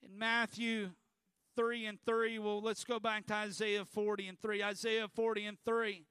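A man's voice: high-pitched, flat delivery, a little slow, a bit bright, clean tone, no room sound. A male pastor preaching a sermon emphatically, prompting the congregation to repeat after him.

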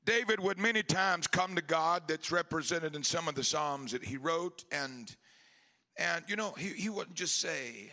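A man preaching a Pentecostal sermon, moving from quiet, halting talk to shouted, impassioned calls. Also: a little high. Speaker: pastor.

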